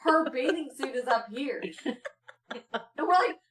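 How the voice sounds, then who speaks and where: A woman's voice: unhurried, distant mic. A woman co-hosting a podcast, telling family stories in casual chat and laughing as she goes. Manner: laughs through her stories, shifts into shrill excited quotes. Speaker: podcast co-host.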